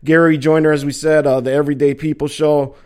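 Middle-aged guy running a sports talk show, kinda high voice, joking around with listeners. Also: flat delivery, quick pace, darkish tone, smooth. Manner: loose, rambling, joking with listeners. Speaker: sports podcast host.

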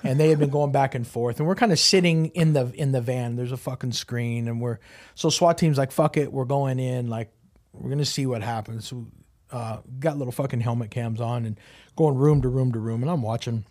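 A blunt man from Southern California tells stories on a casual podcast as the guest. He swears constantly and speaks at an everyday, middle pitch. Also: a little fast, a little mellow. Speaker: crime scene cleaning company owner, guest.

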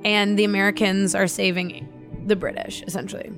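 A woman talks casually about her family, animated and quick to laugh, with swearing sprinkled through. Her voice sits at a middle pitch. Faint music plays underneath. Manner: animated storytelling, swears freely, laughs often. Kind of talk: casual chat.

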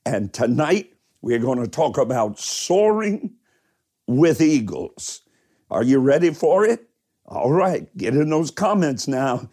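A man's voice: medium pitch, dark tone. A man preaching a livestreamed sermon as pastor, leaning on key words and greeting viewers by name. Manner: emphatic preaching, stretching key words slowly.

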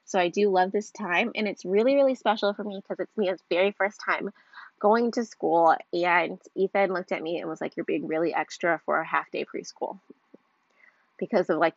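A woman's voice: on the low side, no echo, highs cut off. A young woman talking casually to camera as a mom vlogger, rambling with lots of fillers and a stuffy nose.

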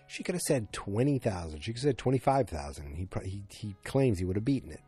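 A man hosts a casual recap show, retelling scenes in a loose, rambling way full of fillers. His voice sits a bit low and sounds mellow and slightly husky. Faint music plays quietly behind him. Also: expressive, a little fast. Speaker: podcast host recapping a TV episode.

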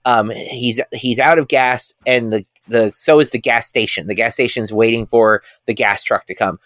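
The speaker is a man with a medium pitch, steady tone and slightly bright quality, talking at a normal speed in echo-free studio audio. He co-hosts a podcast, rambling in casual chat full of fillers and film enthusiasm.

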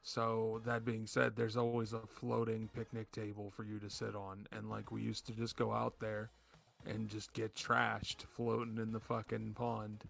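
A man's voice: fairly low pitch, completely flat delivery, a little slow, vocal fry, fairly bright tone, faint music behind. A man co-hosting a podcast, telling party stories in casual chat with a laid-back, swearing manner. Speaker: podcast co-host.

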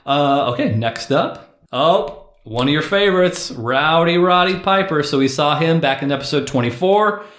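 A man's voice: fairly high pitch, lively intonation, normal speed, a bit bright, roomy sound. A man hosting a casual podcast chat, explaining things to a friend and laughing often. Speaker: podcast host.

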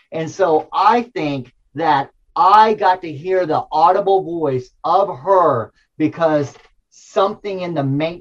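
A man as an interview guest, telling a personal story in a casual, animated way, full of slang and restarts. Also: a little high, lo-fi sound.

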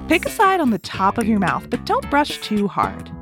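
A woman's voice: fairly high pitch, huge pitch swings, moderate pace, music in the background. A woman hosting a children's toothbrushing show, upbeat and instructive. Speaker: host.

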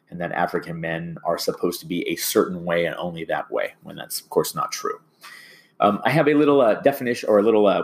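A man with a fairly low voice teaching a class. He rambles and stumbles over restarts as he walks through the lesson. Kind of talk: classroom lecture.

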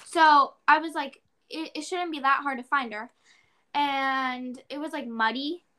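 High, bright-voiced teenage girl rambling. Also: measured pace. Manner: rambling storytelling with many "like"s; acts out her own past exclamations. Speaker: podcast co-host. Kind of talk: casual chat.

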